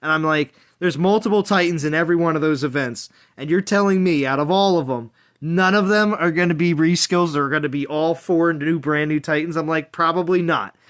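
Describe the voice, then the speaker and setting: A man's voice: fairly high pitch, brisk, hardly any pauses, a bit bright. An American man hosting a game stream, chatting casually, reading viewer comments aloud and laughing often. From United States. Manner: laughing, reads chat aloud. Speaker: streamer host.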